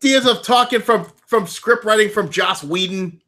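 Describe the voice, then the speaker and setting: A man's voice: high-pitched, moderate pace, pushed and bright. A man co-hosting a casual podcast, heckling with short profane interjections. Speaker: podcast co-host. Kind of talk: casual banter.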